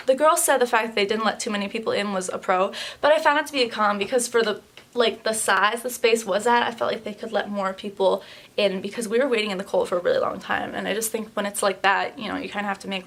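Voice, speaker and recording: A woman's voice: medium pitch, fairly even intonation, fairly quick, fairly bright tone. A young woman chatting casually to camera in a beauty vlog, candid and a little tired, with plenty of fillers. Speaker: beauty vlogger.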